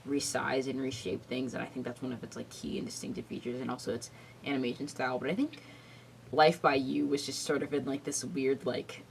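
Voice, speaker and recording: A woman's voice: a bass voice, steady tone, fairly quick, creaky, recorded from a distance, slight background noise. A woman co-hosting a casual podcast, rambling through her thoughts with lots of filler words and frequent giggles. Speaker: podcast co-host. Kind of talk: casual chat.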